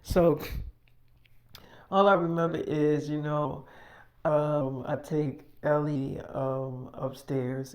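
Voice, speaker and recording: A man's voice: a little high, little pitch movement, slow, pauses often, darkish tone. A man narrating a freestyle role-play story in a casual, rambling, profane way with many fillers.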